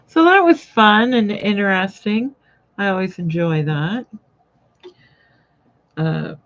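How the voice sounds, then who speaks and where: A woman hosting a casual live sewing chat, rambling and greeting viewers by name as she works. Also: on the low side. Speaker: sewing channel host. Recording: dull lo-fi live-stream audio.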